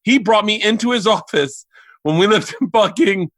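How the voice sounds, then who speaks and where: A man on a remote call, telling family stories in a casual, animated way, cursing freely and acting out his parents. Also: sits high, normal speed, no room sound. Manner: animated, profane, acts out family members. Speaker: guest, comedian. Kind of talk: casual storytelling chat.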